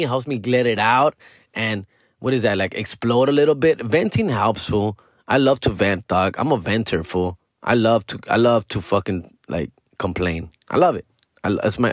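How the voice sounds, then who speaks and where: A middle-aged comedian podcaster vents in a casual, profane monologue, slipping into Spanish slang now and then. His voice is lowish, and the recording is clean studio sound with no echo.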